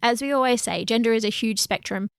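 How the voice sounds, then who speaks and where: A woman co-hosting a relaxed podcast, speaking earnestly and with plenty of animation. Her voice carries a gravelly, fry-laden edge. The recording is dry and close, with no room sound. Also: on the high side, fast talker, no echo. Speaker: podcast co-host. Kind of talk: casual podcast chat.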